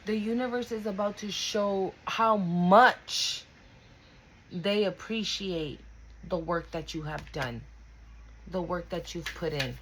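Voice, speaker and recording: Emotional lady doing a tarot reading, slow and drawn out, near tears, faint hiss behind. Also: lowish voice, a bit bright, rough recording. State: breathing hard. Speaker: tarot reader. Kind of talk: intuitive tarot reading to viewers.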